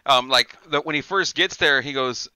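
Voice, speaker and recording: A man's voice: medium pitch, moderate pace, pushed and bright, clear, resonant tone, no room sound, poor audio. A man hosting a podcast in casual chat, rambling, swearing and laughing often. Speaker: podcast host.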